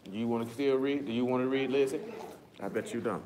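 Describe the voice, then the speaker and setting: A man's voice: medium pitch, fast, crowd noise. Man leading a casual scripture lesson. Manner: coaxing and casual, turning emphatic and preachy. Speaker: Bible study teacher. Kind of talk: scripture lesson to a small group.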